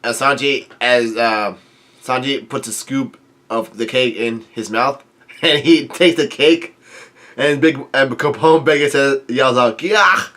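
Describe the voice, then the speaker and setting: A man's voice: mid-range voice, fairly even intonation, a little slow, a bit bright. Male recapper, mid-range voice, loose rambling delivery thick with fillers. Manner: rambling, heavy with filler sounds; chuckles often while talking. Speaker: manga chapter reviewer. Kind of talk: casual chapter read-through commentary.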